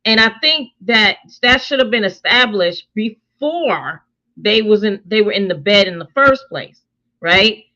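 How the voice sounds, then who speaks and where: A woman's voice: medium pitch, a little slow. A woman co-hosting a casual TV review chat, talking things through and quoting characters as she goes. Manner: conversational, animated, quotes characters in her own voice. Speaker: show co-host reviewing a TV series. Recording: dull lo-fi sound.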